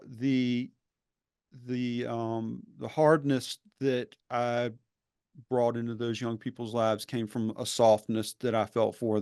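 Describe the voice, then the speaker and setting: A former professor now hosting a podcast speaks earnestly and emphatically in a reflective conversational interview, rambling and restarting as he goes. His medium-pitched voice is smooth, with no echo and studio quality.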